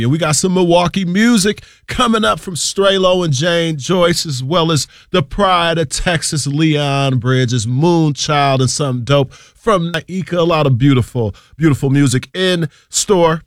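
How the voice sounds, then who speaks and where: A man's voice: mid-range voice, moderate pace, dry recording. A male radio DJ hosting from a studio, with upbeat, slangy hype-man patter between songs. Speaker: radio DJ host.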